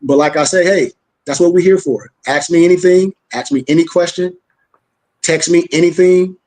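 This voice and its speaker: A man from Florida with a Gullah accent, teaching a spiritual class in a fast, rhythmic preaching cadence with casual slang. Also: on the high side, fairly even intonation, a little mellow. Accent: Gullah-influenced Southern US. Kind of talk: informal class discussion.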